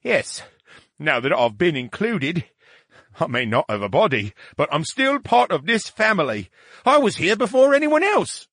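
Reading a story, a man performs an exaggerated, sing-song voice for a sulky, petulant, touchy male disembodied brain, who sounds pleased here. He pitches it high, above his own voice, with a fairly bright tone and a moderate pace. The recording is dry and clean, studio quality.

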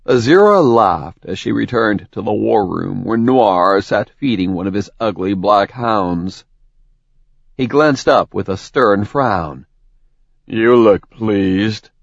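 A man reads a dark fantasy novel aloud at an unhurried, measured pace, his voice on the low side. The recording is dry and close, with a slightly dull tone. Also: lively intonation, creaky, dry recording. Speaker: audiobook narrator. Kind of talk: scripted fantasy narration.

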